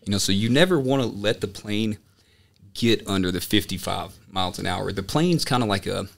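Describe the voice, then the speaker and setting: Low-voiced man telling an animated story. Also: normal speed, creaky. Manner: animated storytelling, filler-heavy. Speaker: podcast guest, student pilot. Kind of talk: casual chat.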